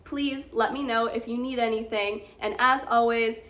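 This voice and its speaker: An American woman coaching the accent, encouraging and clear as she walks learners through examples. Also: a little high, fairly even intonation, normal speed, fairly bright tone. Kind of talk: teaching lesson to camera.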